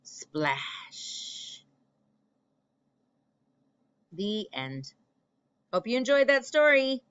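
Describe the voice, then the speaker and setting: A woman teacher reads a picture book aloud in a bright, smooth voice, telling it expressively. She speaks slowly, with a lively, sing-song pitch, and pauses to ask her class questions. The sound is dry and a little dull, recorded at home. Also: no echo. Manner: expressive storytelling with comprehension questions.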